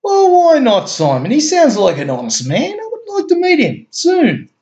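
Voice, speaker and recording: A man's voice: very high-pitched, huge pitch swings, normal speed, a little mellow, voice pushed up, full character voice. A man voicing a genial, commanding male head of state in a homemade story reading, talking in a hearty, expansive way that swoops upward. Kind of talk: amateur story reading with voices.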